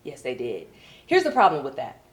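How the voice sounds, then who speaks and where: A woman from Virginia with a Southern accent performing a brassy, animated stand-up comedy set. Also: normal speed, echoey room. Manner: brassy, animated, puts on high posh voices for coworkers.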